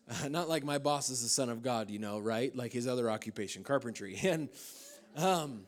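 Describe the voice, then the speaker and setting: A man's voice: mid-range voice, steady tone, fast talker, darkish tone. A man from the United States, a pastor, preaching a sermon at a church service, telling stories with humor and loose fillers.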